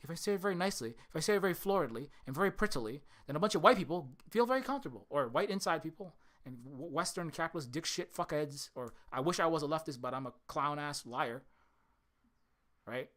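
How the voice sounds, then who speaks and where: An indie game developer ranting on a livestream, swearing a lot, swinging from loud shouting to low muttering, with strained vocal cords. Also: lively intonation, quick pace.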